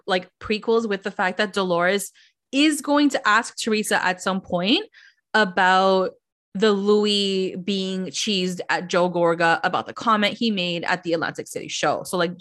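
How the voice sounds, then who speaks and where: Woman host, casual pop culture chat, chatty and gossipy, mid-pitched. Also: a bit bright. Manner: chatty, lots of "like", quotes others in voices. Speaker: podcast host.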